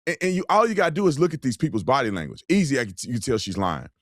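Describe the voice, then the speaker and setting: A man's voice: mid-range voice, wildly swooping pitch, very fast, a bit bright, no echo, clean studio sound. A man hosting a commentary show, talking bluntly and emphatically in a colloquial way. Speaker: host. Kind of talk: political commentary with ad read.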